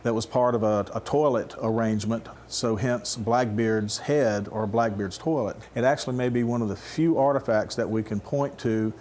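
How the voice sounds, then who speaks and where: Deliberate male museum expert explaining. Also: medium pitch, a little mellow, a little hiss or hum. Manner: deliberate, explanatory, occasional fillers. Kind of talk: interview explanation.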